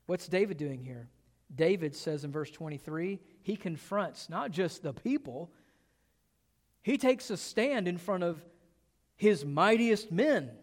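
A man's voice: a little high, expressive, unhurried, a little mellow, big-room sound. A man preaching a sermon, asking rhetorical questions and building emphasis as he goes. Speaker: pastor.

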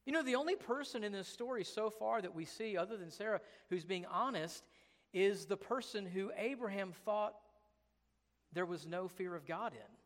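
Long hall reverb surrounds a man whose voice sits high, moving at a moderate pace. Preaching as pastor, he's emphatic and conversational, addressing the congregation with plenty of rhetorical questions.

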